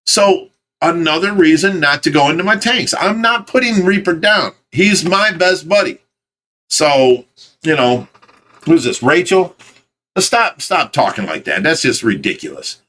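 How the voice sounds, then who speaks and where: This is a man with a fairly high voice, hosting a relaxed livestream from a fish rescue. He talks plainly and insistently and keeps circling back to the same firm point. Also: measured pace. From United States. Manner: emphatic, insistent, repeats himself. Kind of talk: casual livestream chat.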